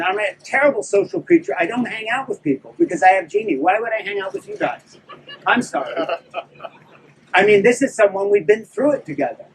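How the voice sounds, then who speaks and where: A man's voice: high-pitched, distant mic, slight background noise, low-quality recording. An older man, an author, giving a candid, self-deprecating live talk to an audience about his book. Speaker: author speaking at a book event.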